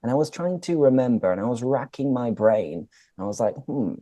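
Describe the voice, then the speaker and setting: A man's voice: mid-range voice, big pitch swings, brisk, warm tone, no echo. A British man hosting a casual chat for English learners, upbeat and explaining idioms as he goes. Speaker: host and English teacher.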